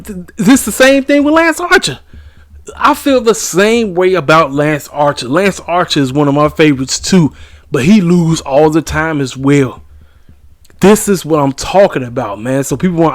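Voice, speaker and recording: A man's voice: on the high side, animated, normal speed, dry recording. A man hosting his own wrestling review channel, ranting in a blunt, emphatic, casual way.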